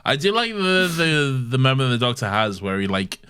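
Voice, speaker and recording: A man's voice: medium pitch, very animated, normal speed, pushed and bright, clear, resonant tone. A man co-hosting a podcast, recapping in a laid-back, sweary, casual way. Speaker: podcast co-host. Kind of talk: casual chat.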